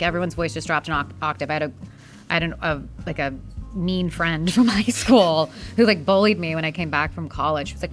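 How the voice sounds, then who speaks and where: A woman in her thirties chats as a guest over a meal, laughing easily and restarting her sentences. Her voice is bright and forceful, sitting a little low. Soft music plays faintly underneath. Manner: chatty, laughs often, trails off and restarts. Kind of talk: casual chat over food.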